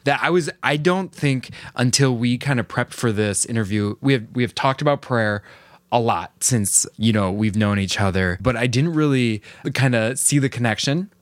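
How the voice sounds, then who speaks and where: A man hosting a podcast interview and asking reflective questions in a measured way. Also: mid-range voice, dry recording. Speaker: podcast host. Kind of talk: interview conversation.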